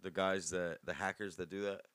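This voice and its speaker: A young man co-hosting a casual podcast, with a deadpan, sarcastic delivery and lots of "like" fillers. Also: deep voice. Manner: fast, deadpan and sarcastic, full of filler likes. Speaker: podcast co-host. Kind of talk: casual chat.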